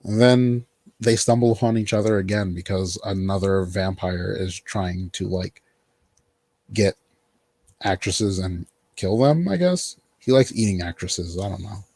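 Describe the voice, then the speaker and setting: Husky low-voiced man recapping a show. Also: measured pace, darkish tone, no room sound. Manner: rambling, filler-heavy, quotes characters in mock voices. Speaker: podcast host. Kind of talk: casual chat recapping a TV show.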